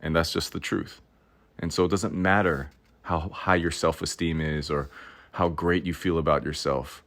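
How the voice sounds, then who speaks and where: A man's voice: low voice, steady tone, normal speed, fairly bright tone. A man hosting a podcast, talking in a reflective monologue that is earnest and self-questioning, with wry asides and restarts. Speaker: podcast host.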